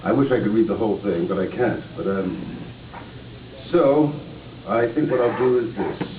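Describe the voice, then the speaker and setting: A man's voice: fairly low pitch, moderate pace. Man reading aloud to children in an echoey hall. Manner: lively, playful, asks the children questions. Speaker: actor reading to schoolchildren. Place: school hall. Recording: tinny distant echoey hall recording with noise.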